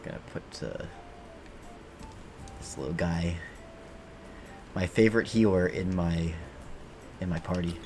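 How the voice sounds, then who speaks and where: A man's voice: deep voice, measured pace, pauses often, darkish tone, faint music behind. A man streaming a game, chatting casually and rambling, joking and swearing freely as he plays. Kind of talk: casual gameplay commentary.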